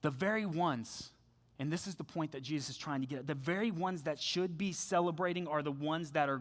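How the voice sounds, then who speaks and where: A young man preaching a sermon in a church, telling stories casually and dropping to soft, hushed tones for his appeals. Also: a little high, brisk. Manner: conversational storytelling, drops to soft hushed tones when making appeals. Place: church sanctuary.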